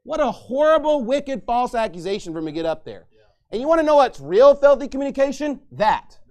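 High-voiced man preaching a fiery sermon. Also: sing-song, brisk. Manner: angry, mocking, shouting at times. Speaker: pastor.

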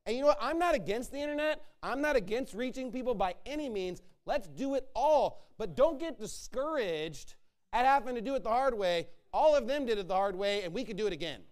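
A man's voice: extremely high pitch, expressive, fairly quick. A man preaching a sermon to his church, emphatic and repetitive as he rallies his listeners.

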